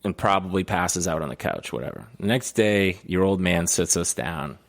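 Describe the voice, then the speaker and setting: A man's voice: low-pitched, animated, moderate pace, vocal fry. A man in his thirties co-hosting a podcast, telling profane stories in casual chat and laughing often. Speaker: podcast co-host.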